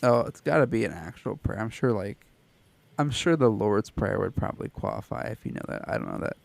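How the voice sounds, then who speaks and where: A man's voice: on the low side, animated, brisk, creaky, a little hiss or hum. A man co-hosting a podcast, chatting casually, loose and joking, with some swearing. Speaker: podcast co-host. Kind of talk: casual chat.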